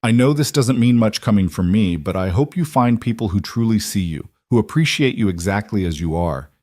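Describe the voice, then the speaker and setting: A man voicing a protective, firm middle-aged man who speaks in an earnest, measured way. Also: fairly low pitch, expressive, darkish tone, no room sound, studio quality.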